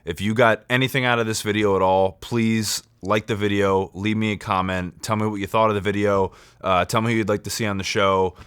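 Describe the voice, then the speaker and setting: Male podcast host, very low voice, dry close mic, friendly outro. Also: little pitch movement, brisk, few pauses, fairly bright tone, clean tone, no room sound. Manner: friendly, direct appeal to viewers.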